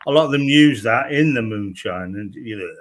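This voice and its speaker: A man's voice: medium pitch, expressive, moderate pace, a little hiss or hum. A man guest explaining in a casual, methodical, slightly hesitant way.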